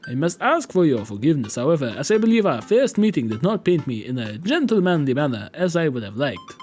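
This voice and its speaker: A man's voice: a little high, very animated, fairly quick, a little mellow, soft background music. A man voicing a courtly, old-fashioned male vampire dad in a game, putting on a Transylvanian accent and flowery formal speech. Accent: put-on Transylvanian.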